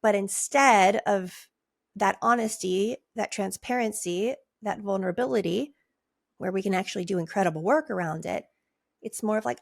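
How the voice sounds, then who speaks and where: Gravelly-voiced woman podcast coach. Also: measured pace, no echo. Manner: conversational, acts out client replies in a higher voice. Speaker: podcast host and nurse life coach. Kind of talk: casual podcast teaching. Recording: dry close mic.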